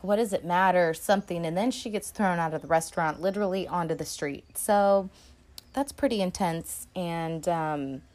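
A woman with a slightly low voice chats casually about a film as a podcast host. She rambles, restarts her sentences and swears freely, with plenty of fillers. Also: a little mellow. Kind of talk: casual film review chat.

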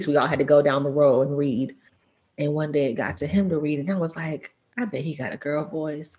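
A woman talking in a relaxed chat, her voice sitting a little low. She tells her story with lively energy and slips into voices for the people she quotes. The recording sounds dull and lo-fi. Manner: animated storytelling, laughs often, does voices in quotes. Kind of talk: casual chat.

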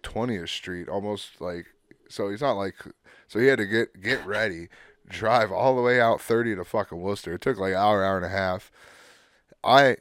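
Podcast co-host, man, low smooth voice, relaxed storyteller, dry room. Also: dry recording. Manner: laid-back, swears a lot, acts out quotes. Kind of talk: casual storytelling.

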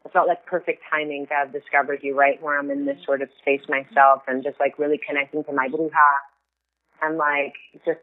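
A woman's voice: low voice, flat delivery, a little fast. A woman guest in casual chat, talking in an earnest, effusive, rambling way. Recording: tinny phone line.

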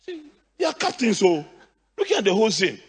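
A male pastor preaching a sermon, swinging from quiet asides to shouted, high-pitched exclamations. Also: wildly swooping pitch, fairly quick, breathy edge. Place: church. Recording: church hall reverb.

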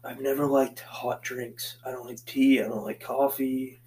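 A man from the Boston area talking to himself on a laid-back solo podcast, recorded while he paces around a basement. He wanders from one thought to the next, swears in almost every sentence, and speaks at an ordinary, mid-range pitch. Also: level tone, a little slow, darkish tone, low-quality recording. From Boston area, USA. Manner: profane, meandering, swears constantly. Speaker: podcast host. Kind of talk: casual solo podcast rambling. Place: basement, pacing back and forth.

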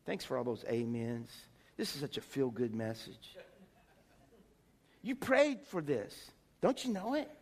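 A man's voice: medium pitch, big pitch swings, unhurried, long reverb tail. A middle-aged male pastor giving a folksy sermon, calling out to his congregation with rhetorical questions. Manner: folksy, preachy, calls out to the congregation. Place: church sanctuary.

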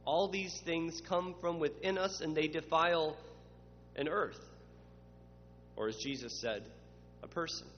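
Faint music sits behind a fairly high-pitched male pastor who preaches unhurriedly, leaving long pauses. He dramatizes the questioners he quotes and rises to emphatic lists. Audio is muffled, with long reverb and faint hum.

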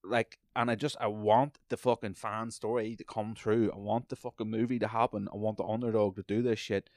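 Profane, rambling podcast host. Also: male voice, fairly low pitch, flat delivery, fairly quick, darkish tone, no echo, studio quality. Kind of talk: solo podcast chat with live fight commentary.

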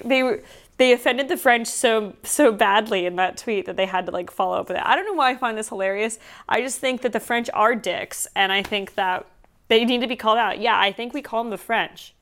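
A woman hosting her own show, talking in a casual, sardonic way that turns reflective. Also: fairly high pitch. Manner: sardonic and animated, softening to reflective. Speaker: podcast host. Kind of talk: casual solo commentary.

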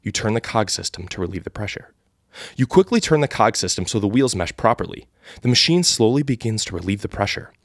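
A man's voice: on the low side, lively intonation, a little fast, no room sound, studio quality. A man casually reading an AI-written adventure story live for the first time, laughing at it along the way. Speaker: storyteller and host.

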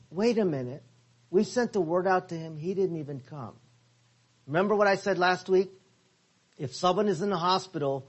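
A man teaching a Bible class, asking his listeners questions and stressing key words. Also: high-pitched.

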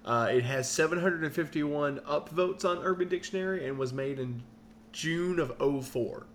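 A man's voice: a little high, moderate pace, a little hiss or hum. A man co-hosting a podcast in casual comic banter, chiming in dryly and reading aloud.

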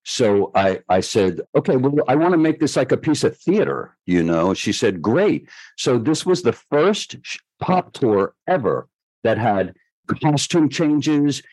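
A man's voice: medium pitch, measured pace, no room sound, poor audio. An older man, a choreographer guest, telling stories in a podcast interview and acting out the voices of people he quotes. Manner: lively storyteller who acts out quoted voices.

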